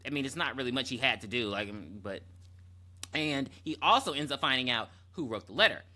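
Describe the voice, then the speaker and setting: A man co-hosting a podcast, retelling a movie plot in casual chat, jumping into quick character voices and laughing often. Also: mid-range voice, lively intonation, pushed and bright. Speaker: podcast co-host.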